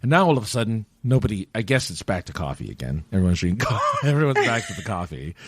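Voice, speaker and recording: Give me a low-voiced man rambling with big swings in pitch. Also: big pitch swings, slightly rough, no echo. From United States. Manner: rambling, jokey, with quick put-on voices. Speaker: podcast co-host. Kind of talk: casual chat.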